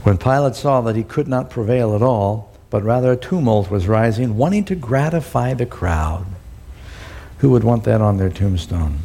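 A middle-aged preacher reads scripture and breaks off to comment on it. His voice is mellow and a little husky. He throws himself into the quoted lines, raising his pitch and pressing on the words. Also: expressive, normal speed. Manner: acts out the quoted lines with rising pitch and emphasis. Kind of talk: sermon, reading scripture with commentary.

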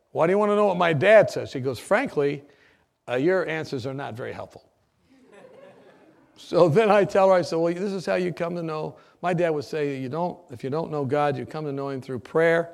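A man telling a personal story in an animated way, acting out what people said and laughing at his own tale. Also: a little high, moderate pace, gravelly. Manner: lively, acts out quoted voices, laughs at own story. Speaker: former nurse telling a story.

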